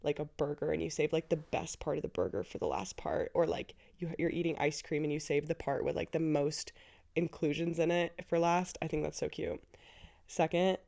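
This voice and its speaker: A woman's voice: normal speed, vocal fry, warm tone. A woman in her twenties hosting a casual solo podcast, gushing and chatty, full of "like"s. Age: 20s. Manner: chatty and gushing, with lots of filler "like"s; breaks into a squeaky high put-on voice for quotes. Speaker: podcast host.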